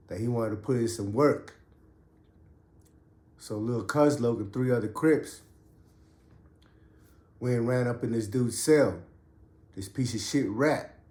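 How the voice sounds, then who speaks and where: In an echoey room, a man with a mid-range, slightly mellow voice casually recounts a story from his time in prison, using street slang and shaking off a cough. He's a podcast host and former inmate, and his delivery is loose and conversational.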